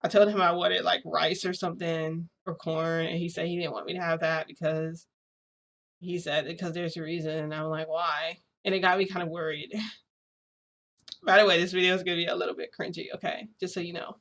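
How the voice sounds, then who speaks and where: A woman's voice: on the low side, steady tone, normal speed, vocal fry, a bit bright. A young woman vlogger rambling casually through a personal story, full of filler words. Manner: chatty, rambling, frequent "like" fillers. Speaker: shifting vlogger.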